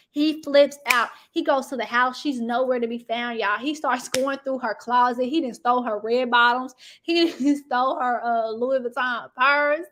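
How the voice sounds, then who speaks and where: A woman hosting casual reality TV gossip commentary, chatty and animated, talking straight to her viewers. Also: sits high, background noise. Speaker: host.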